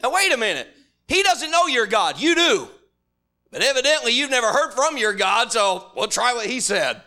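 A man preaching a sermon, moving from hushed storytelling to shouting. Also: extremely high pitch, very animated, normal speed.

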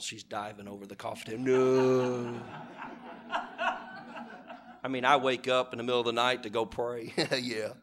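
A middle-aged man preaching a sermon, animated and humorous, acting out characters as he tells the story. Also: mid-range voice, slight background noise.

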